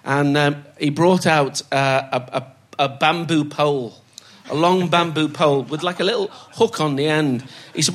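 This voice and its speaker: An older man spins stories as a podcast guest. His voice sits a little high, and he laughs his way through the tales while putting on the voices of the people in them. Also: normal speed, hardly any pauses, a bit bright. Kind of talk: anecdotal storytelling.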